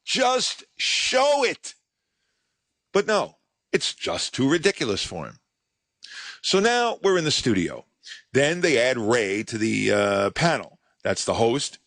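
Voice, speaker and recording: A male podcast host narrating a scripted story with a dry, sardonic wit. His pitch rises and falls in lively swoops. The recording is close and dead, with no room sound at all. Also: moderate pace, creaky, dry recording.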